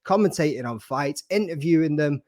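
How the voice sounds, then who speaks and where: A man's voice: fairly high pitch, animated, a little mellow, no echo, clean studio sound. A man hosting a casual video-call podcast chat, bantering and swearing freely. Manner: brisk, swearing, calls everyone mate. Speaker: podcast host.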